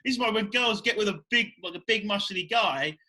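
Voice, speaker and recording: A British man co-hosting a podcast, crude and excitable, laughing often in casual banter. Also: sits high, fairly quick. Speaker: podcast co-host.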